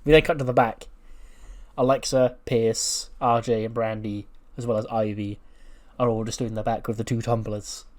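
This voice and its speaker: A game channel host narrates his simulated wrestling show let's-play style, recapping matches in a loose, chatty way with the occasional swear word. His voice is medium-pitched and darkish, with a level tone and normal speed.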